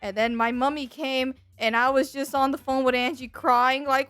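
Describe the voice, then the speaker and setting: A woman VTuber tells a casual storytime in a high, bright voice. She is animated and exaggerated, acting out the people in her tale. The sound is dry and close, with faint music underneath. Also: normal speed, few pauses, clear, resonant tone, no echo. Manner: animated, exaggerated telling with acted-out quotes. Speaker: VTuber streamer.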